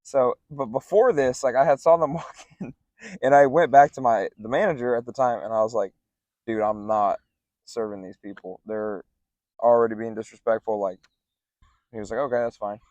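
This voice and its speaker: A man's voice: mid-range voice, normal speed, no echo, highs cut off. Laid-back young man with a drawl. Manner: animated, acts out other people's lines in raised voices; laid-back, says "like" and "dude" a lot. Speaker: podcast co-host. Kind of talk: casual storytelling.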